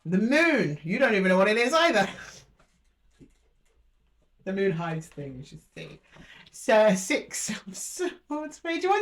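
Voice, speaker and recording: A woman reads tarot cards aloud in a relaxed, chatty way, thinking out loud as she turns each card. She talks to her listeners with easy fondness, at a middling pitch for a woman. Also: slow pace, long pauses. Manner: chatty, musing aloud, addresses listeners fondly. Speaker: tarot reader. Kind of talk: intuitive tarot reading to camera.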